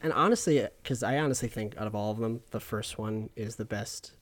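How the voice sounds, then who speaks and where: A young man chatting casually, relaxed and wry. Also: on the low side, fairly quick. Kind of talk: casual chat.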